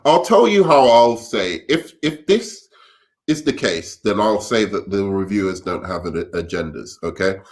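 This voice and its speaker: A man with a somewhat low voice joins a casual live stream as guest co-host. He talks hesitantly, with fillers and frequent stumbles and restarts as he makes his point. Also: animated, unhurried.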